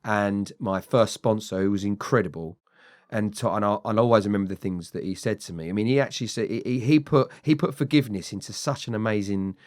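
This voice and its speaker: A man's voice: lowish voice, a little fast. Frank British man, candid storytelling. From Britain. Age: middle-aged. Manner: frank, animated storyteller who acts out quoted voices. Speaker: guest. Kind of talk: candid podcast conversation.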